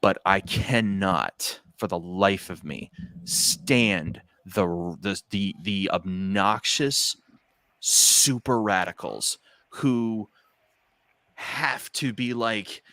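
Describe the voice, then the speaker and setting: Ranting man with a low, bright voice. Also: very slow, no room sound. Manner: animated, ranting, repeats himself for emphasis. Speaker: talk show co-host. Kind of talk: casual panel chat.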